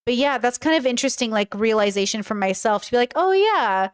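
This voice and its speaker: A woman's voice: on the high side, quick pace, clear, resonant tone. A woman with a Californian accent giving chatty, self-reflective reaction commentary. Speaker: host reacting to a clip.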